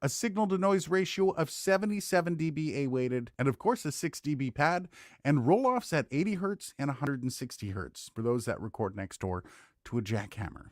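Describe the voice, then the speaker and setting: A man hosting a casual tech demo as a microphone reviewer, talking straight into a studio condenser mic with lively, joking asides. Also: on the high side, normal speed, dry recording.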